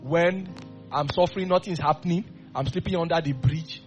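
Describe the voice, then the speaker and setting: A man delivers a fervent sermon in a voice pitched a little high. He shifts between low, confiding asides and loud, forceful bursts. Soft music plays faintly behind him. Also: moderate pace, dull audio. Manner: acts out quoted voices. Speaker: preacher.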